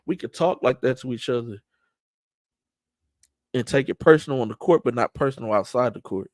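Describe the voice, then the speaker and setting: A man's voice: mid-range voice, brisk, pauses often, no room sound, clean studio sound. A middle-aged man hosting a sports talk show, speaking in an emphatic, streetwise way with frequent restarts. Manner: emphatic, trash-talking streetwise delivery with repeated restarts. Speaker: show host and event organizer. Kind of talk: casual talk-show monologue.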